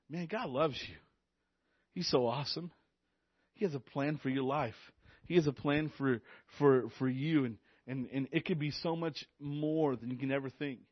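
A man, a youth pastor, preaching a sermon with excited energy, repeating phrases and stammering on restarts. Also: mid-range voice, dry recording, lo-fi sound. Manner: enthusiastic, repetitive, stammers on restarts.

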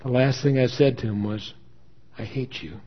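A man's voice: medium pitch, steady tone, moderate pace, breathy edge, close to an everyday voice. A man voicing a distraught young woman who pleads on the phone, close to sobbing, in a story reading. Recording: dull lo-fi recording.

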